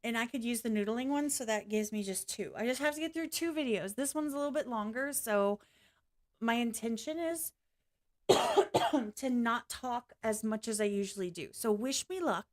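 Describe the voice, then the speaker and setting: A woman's voice: fairly high pitch, lively intonation, moderate pace. A woman vlogging in a casual, rambling way, apologizing often and swearing now and then. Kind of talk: casual reaction vlog chat.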